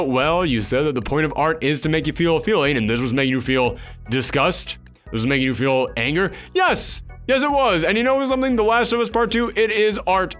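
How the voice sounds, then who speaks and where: A man's voice: fairly high pitch, fairly bright tone. A man giving an emphatic, ranting spoiler review of a video game, acting out imagined reactions. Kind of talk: opinionated spoiler discussion.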